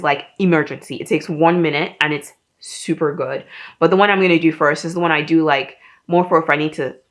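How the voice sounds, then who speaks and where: Woman, 30s, low voice; friendly fitness host, casual and instructive to camera. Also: a bit bright. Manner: chatty, self-deprecating, instructive.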